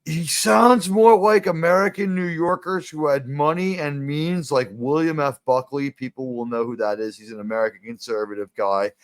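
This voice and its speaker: A man from the US Northeast hosting a casual review chat, rambling and animated with lots of fillers. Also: on the high side, normal speed, hardly any pauses, no room sound. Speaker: podcast host.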